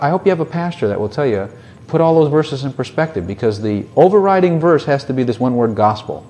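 A man's voice: mid-range voice, warm tone, slight background noise. A man preaching a sermon in a conversational way, with many rhetorical questions and short mocking voices.

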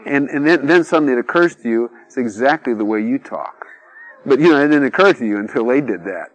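A man's voice: medium pitch, animated, fast talker, rough recording. A middle-aged man giving an informal sermon, chatty and full of asides, acting out little quoted voices. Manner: conversational, peppered with "you know", acts out quoted voices.

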